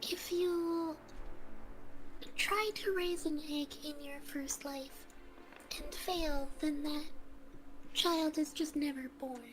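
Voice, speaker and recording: A soft-spoken woman explains her ideas slowly and thoughtfully during a tabletop game. Her voice is high and unhurried, with faint music in the background. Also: fairly even intonation, rough recording. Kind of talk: casual tabletop game talk.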